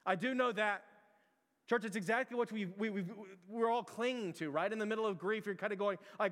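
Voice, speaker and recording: A pastor preaches a sermon in a high, fairly bright voice at a slightly fast pace. He is earnest and repetitive, often restarting his phrases, and a long hall reverb surrounds him.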